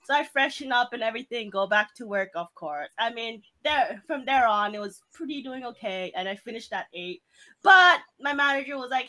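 A woman's voice: on the high side, animated, a little fast, fairly bright tone, rough recording. A woman co-hosting a podcast, telling a story in casual chat, swearing often and laughing along. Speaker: podcast co-host.

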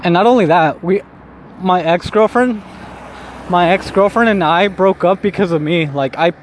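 A man's voice: high voice, normal speed. A young man talking casually while walking outdoors, rambling and self-mocking, swearing often and laughing at himself. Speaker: vlogger. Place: city street outdoors. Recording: faint street noise outdoors.

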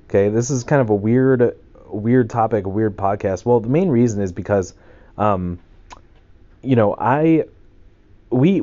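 A man hosting a solo podcast, talking casually and excitedly, rambling with fillers and repeated words. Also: on the low side, muffled recording. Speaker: podcast host.

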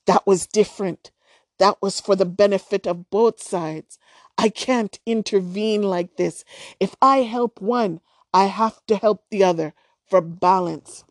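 A woman voicing a cranky, stubborn old female witch with dry, sharp retorts. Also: medium pitch, unhurried, dry recording, lightly acted. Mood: insistent.

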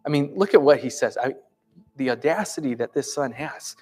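A man's voice: mid-range voice, expressive, normal speed, a little mellow, breathy edge. A man pastor preaching a sermon in a conversational way, often putting questions to his listeners.

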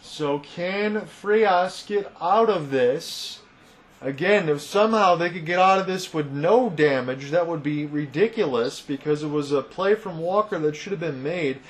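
A man doing play-by-play baseball commentary, talking through each pitch in a steady analytical way and then getting loud and excited on big hits. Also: a little slow. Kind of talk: fan broadcast baseball commentary.

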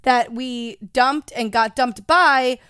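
A woman's voice: high-pitched, slow pace, sharp tone, clear, resonant tone, no echo, clean studio sound. A woman co-hosting a comedy podcast in casual chat, blunt and teasing, swearing a lot. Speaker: podcast co-host.

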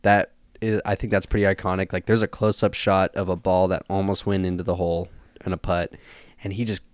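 Male co-host, lowish voice, relaxed casual chat, dry sound. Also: brisk, dry recording. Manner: relaxed, agreeable, swears casually. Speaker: podcast co-host. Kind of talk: casual chat about a movie.

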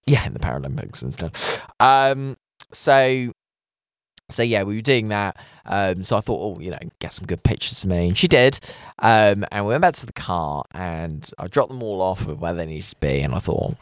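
A young man with a lowish voice that swoops up and down as he tells rambling, self-mocking stories to his listeners. He sounds close and dry on a studio mic, like a chatty show host. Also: gravelly, no room sound. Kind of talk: chatty anecdote-telling.

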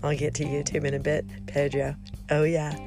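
A woman's voice: low voice, completely flat delivery, fast. A woman podcast host in casual chat, thanking and responding to her listeners' messages in a friendly way. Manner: friendly and appreciative toward callers. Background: plucked guitar music.

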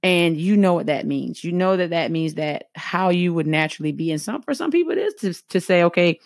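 Earnest Southern woman, low dry voice. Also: expressive, a little fast, gravelly, no room sound. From American South. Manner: earnest, conversational, acts out her own inner thoughts. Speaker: motivational speaker. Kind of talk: motivational talk to viewers.

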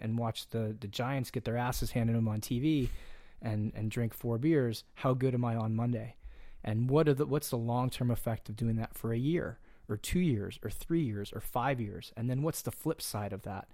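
A man's voice: medium pitch, normal speed, mellow, no room sound, clean studio sound. A man speaking as a coach in a casual podcast conversation, earnest and direct, plain-spoken with the odd curse word.

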